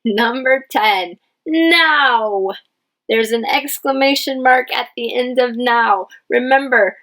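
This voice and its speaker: A woman English teacher leading a dictation lesson, speaking patiently and spelling out each word clearly. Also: sits high, a bit bright, rough recording. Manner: patient, enunciates each word, stresses key words. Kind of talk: slow, clear classroom dictation.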